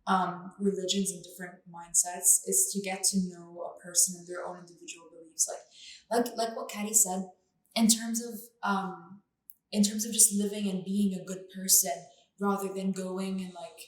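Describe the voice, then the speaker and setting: A woman's voice: mid-range voice, little pitch movement, moderate pace, roomy sound, low-quality recording. A young woman, a podcast guest, talking casually and rambling with many filler words. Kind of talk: casual chat.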